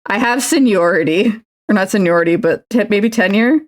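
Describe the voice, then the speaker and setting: A woman's voice: mid-range voice, moderate pace. A woman streamer chatting casually while she crafts, rambling with lots of "like" and swearing freely.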